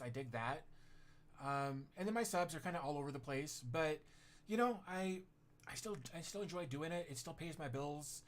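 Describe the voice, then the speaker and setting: Chatty, rambling middle-aged male streamer. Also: a little high. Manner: rambling, self-deprecating, many fillers and restarts. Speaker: tech YouTuber hosting a livestream. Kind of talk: casual livestream chat reading viewer comments.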